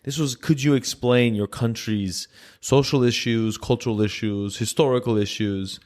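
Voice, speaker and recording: A man's voice: mid-range voice, fairly even intonation, moderate pace, darkish tone. A man from Greece, a podcast guest telling a story in casual chat and acting out the voices of people he quotes.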